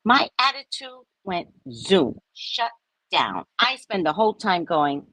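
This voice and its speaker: Animated storytelling woman, breathy voice. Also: medium pitch, slow pace, no room sound. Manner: animated, dramatic retelling with swings between loud and soft. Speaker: spiritual reader and show host. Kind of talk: casual storytelling.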